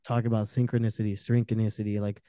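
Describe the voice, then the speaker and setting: A young man, a podcast guest, telling candid personal stories with intensity, swearing freely and swinging between loud outbursts and quiet trailing-off. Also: fairly low pitch, level tone, fast, dry recording. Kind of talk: candid personal storytelling in conversation.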